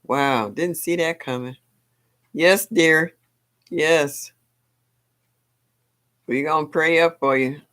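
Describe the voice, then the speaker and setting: A woman's voice: deep voice, takes it slowly, long pauses, fairly bright tone. An older woman hosting a live stream, chatting casually and exclaiming often, with frequent laughs. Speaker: livestream host.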